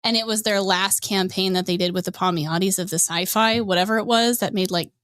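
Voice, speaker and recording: A woman's voice: mid-range voice, fairly even intonation, fairly quick, a bit bright. A woman hosting a podcast, ranting in a blunt, profane and sarcastic casual way. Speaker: podcast host.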